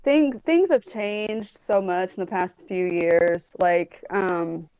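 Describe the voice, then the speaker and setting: A woman's voice: on the low side, slow, dark tone, clear, resonant tone, dull audio. A woman in her forties from Indianapolis, a guest telling stories in a rambling, casual way with plenty of swearing. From Indianapolis, USA. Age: 40s. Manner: rambling storyteller, swears freely, many "like" and "um". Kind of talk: casual chat. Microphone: phone or tablet on a video call.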